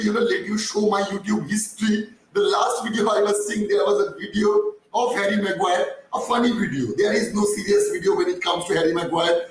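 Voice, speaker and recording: Hoarse high-voiced man in an echoey room. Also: recorded from a distance. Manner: chatty, reads viewer comments, many fillers and restarts. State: strained, croaking voice. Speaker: live stream host. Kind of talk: casual live stream chat.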